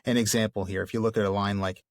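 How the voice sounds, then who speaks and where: A man's voice: on the low side, steady tone, quick pace, no echo, studio quality. A man co-hosting a podcast, explaining a book thoughtfully in casual talk, with many fillers. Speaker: podcast co-host. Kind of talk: casual literary discussion.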